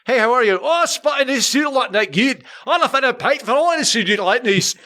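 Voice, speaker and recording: A man's voice: expressive, normal speed, full character voice. An American man doing an exaggerated impression of a cheery Glaswegian man with a thick, garbled accent. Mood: cheery, boisterous. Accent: mock Glaswegian. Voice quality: loud, high, exaggerated.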